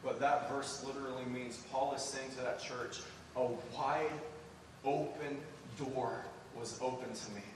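A man preaching a sermon and telling a mission story, speaking earnestly and building to excited emphasis as he addresses the church. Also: medium pitch, unhurried, noisy background. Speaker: preacher sharing a mission report. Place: church sanctuary. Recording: echoey hall, distant mic.

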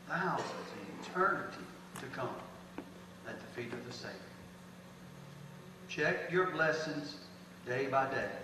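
A man, preaching a folksy sermon as pastor with emphatic bursts. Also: on the high side. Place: church sanctuary. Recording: echoey hall from far off, noisy.

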